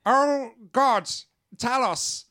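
A man's voice: very high voice, extremely slow, pushed and bright, pitched above the performer's own voice, heavily acted. A man voicing a groveling male creature chief who stammers and fawns over his new god. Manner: stammering, obsequious.

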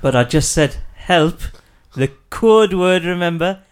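Wry gamer, a touch high. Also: male voice, expressive, normal speed, clear, resonant tone. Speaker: player. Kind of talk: tabletop game chat.

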